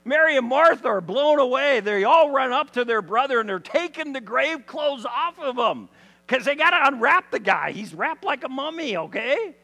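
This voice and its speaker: A man's voice: extremely high pitch, expressive, normal speed, gravelly, bright, forceful tone. A man preaching a sermon in a conversational storytelling style, full of rhetorical questions, in a church hall. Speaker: pastor. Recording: long hall reverb.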